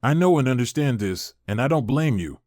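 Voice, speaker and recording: A man voicing a calm, self-justifying unfaithful wife in a told story, with a measured, even delivery. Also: medium pitch, dry recording, clean studio sound, lightly acted. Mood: calm pleading. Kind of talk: storytelling narration.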